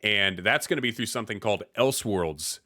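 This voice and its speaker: A man's voice: lowish voice, lively intonation, a little fast, sharp tone, no room sound, clean studio sound. A man from the US Midwest hosting a podcast in casual chat, laid-back with slang and frequent restarts. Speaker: podcast host.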